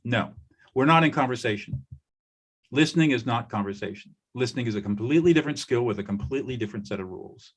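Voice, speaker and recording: An older man, a conflict mediator, talking in a podcast interview and telling stories with lively acted-out quotes. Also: mid-range voice, quick pace, breathy edge. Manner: animated storyteller, acts out quoted voices.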